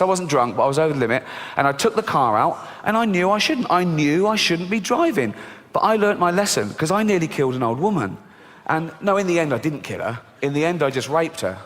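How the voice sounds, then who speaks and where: A deadpan stand-up comedian performs his routine on a large theatre stage, swearing and imitating squeaky child voices. The live recording comes from a stage mic, carrying long hall reverb, faint noise, and audience laughter.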